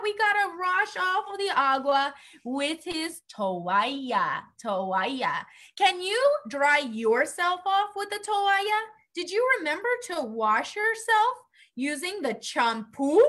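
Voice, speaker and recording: Bright, animated woman teaching kids. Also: sits high. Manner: animated, playful, exclaiming and coaxing children. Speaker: children's Spanish teacher. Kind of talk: playful lesson for kids on a livestream.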